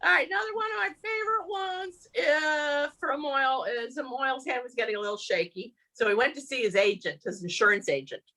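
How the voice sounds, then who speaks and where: A woman telling jokes to a live audience at a community evening, animated, laughing at her own punchlines and shifting her voice for each character. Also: high voice, fairly quick, few pauses, rough recording. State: tired. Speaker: amateur comedian at a community event.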